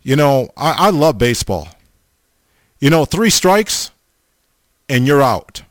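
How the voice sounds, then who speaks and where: A man's voice: medium pitch, very animated, slow, no echo, clean studio sound. A man preaching a sermon, blunt and emphatic, stammering over restarts and repeating himself for stress.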